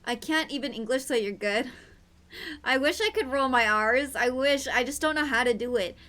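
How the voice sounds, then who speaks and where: Young woman streamer, bright and slightly high, playful and giggly, chatting while she plays. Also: normal speed. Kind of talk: casual gaming stream chat.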